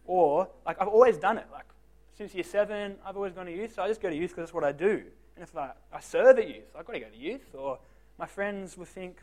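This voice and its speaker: A man's voice: high voice, expressive, a little fast, darkish tone. A young man giving a casual youth group talk, joking and self-deprecating, asking the teens direct questions. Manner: talks straight to the teens with questions.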